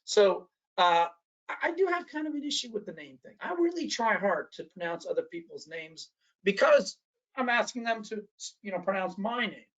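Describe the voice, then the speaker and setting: A man's voice: sits high, lively intonation, moderate pace, fairly bright tone, dull audio. A man presenting a training workshop in a lecture style. He talks animatedly, often restarts his sentences and acts out the voices of the people he quotes.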